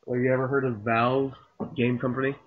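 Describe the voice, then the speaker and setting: Young guy interviewer, eager fan questions, casual, muffled low-fi audio. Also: little pitch movement, brisk. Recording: dull lo-fi recording.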